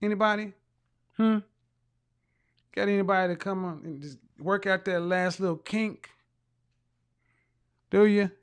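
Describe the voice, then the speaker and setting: A man's voice: high-pitched, fairly even intonation, measured pace, long pauses, clear, resonant tone. A man hosting a casual livestream, reading out viewer comments in a mocking, teasing way. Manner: bursts of loud laughter. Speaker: live show host reading viewer comments.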